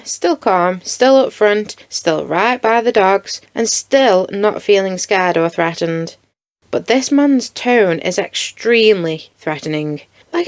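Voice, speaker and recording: A woman giving blunt, indignant commentary over video footage and swearing freely. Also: a little high. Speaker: true crime commentator.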